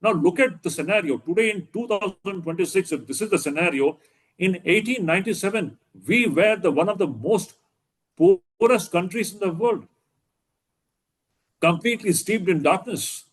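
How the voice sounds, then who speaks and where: A man's voice: sits high, lively intonation, normal speed, husky. A man, a monk with an Indian English accent, giving an inspirational lecture to students with earnest, emphatic pleading and repeated appeals.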